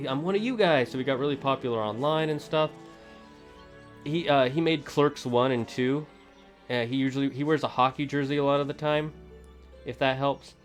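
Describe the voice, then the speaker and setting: A man streaming a video game, chatting casually with his viewers in a rambling, self-correcting and opinionated way. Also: a little high. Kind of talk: casual let's-play chatter.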